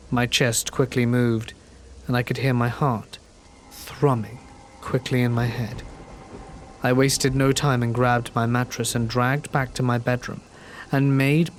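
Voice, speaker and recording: A man calmly narrating true horror stories in a steady, scripted reading. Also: medium pitch, slight background noise.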